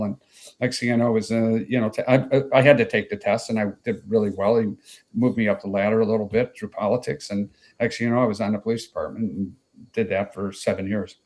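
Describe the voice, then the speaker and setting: Low-ish and steady but quick, his voice has a slightly mellow quality. He's a Chicago man in his sixties sharing rambling interview anecdotes, loaded with fillers and tangents.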